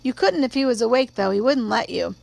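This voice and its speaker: A woman voicing an earnest, polite young girl who coaxes gently, in an audiobook reading. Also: fairly high pitch, animated, a little fast, vocal fry. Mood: coaxing.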